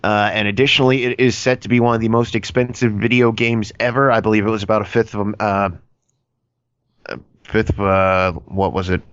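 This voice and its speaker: A man's voice: fairly low pitch, steady tone, brisk, fairly bright tone, clean tone, no room sound, muffled recording. A man co-hosting a podcast, chatting casually and rambling earnestly. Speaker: podcast co-host. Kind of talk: casual chat.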